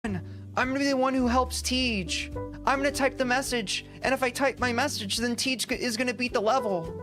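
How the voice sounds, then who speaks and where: A man putting on the voice of a smug, self-important backseat chatter, speaking quietly and pleased with himself. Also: extremely high pitch, moderate pace, soft background music, voice pushed up. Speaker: streamer.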